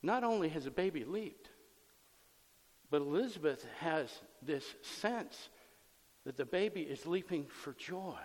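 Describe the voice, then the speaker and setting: A man's voice: fairly high pitch, animated, measured pace. A man preaching a sermon as pastor, conversational and emphatic, acting out the scenes he explains, in a long hall reverb.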